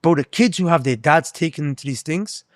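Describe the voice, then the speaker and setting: A man tells stories in an animated, slangy way. His pitch swings widely and rises high. The sound is dry and close. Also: fairly quick, dry recording. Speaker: podcast co-host. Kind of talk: casual chat.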